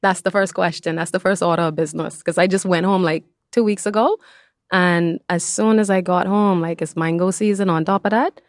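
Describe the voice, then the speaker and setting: A woman's voice: on the low side, steady tone, fairly quick, dry recording, studio quality. A young woman from the Bahamas with a Bahamian accent, chatting animatedly and laughing as a podcast guest. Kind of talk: casual chat.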